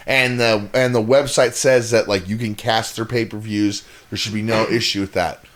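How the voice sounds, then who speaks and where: A man's voice: on the low side, steady tone, moderate pace. A man co-hosting a podcast, telling a long exasperated story in casual, profane chat with lots of rambling restarts. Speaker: podcast co-host.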